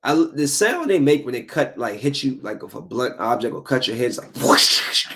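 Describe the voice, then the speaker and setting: A man hosting a solo podcast in an offhand, rambling manner. His voice sits at an ordinary middle pitch, and he speaks loosely, without a script. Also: a little fast. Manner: rambling, animated storytelling; earnest motivational speech. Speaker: podcast host. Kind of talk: casual solo podcast talk.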